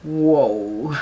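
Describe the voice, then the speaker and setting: A woman in her sixties chatting to viewers while doing her makeup, excitable and gushing about her products. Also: sits low, a little hiss or hum. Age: 60s. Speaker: beauty vlogger. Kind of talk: get-ready-with-me makeup chat.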